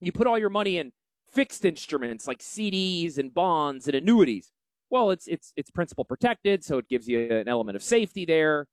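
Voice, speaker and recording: A man with a Yankee accent hosting a financial show, brash and salesy in a folksy promotional pitch. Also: very animated, fairly quick, no echo. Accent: Northeastern US. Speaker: financial advisor and show host. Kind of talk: promotional radio talk.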